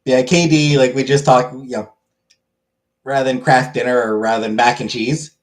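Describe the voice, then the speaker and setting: A man's voice: mid-range voice, level tone, moderate pace. A man from Canada, a livestreamer chatting casually with his viewers, rambling with lots of fillers. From Canada, born in Ontario. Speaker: livestreamer reading chat. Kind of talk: casual chat.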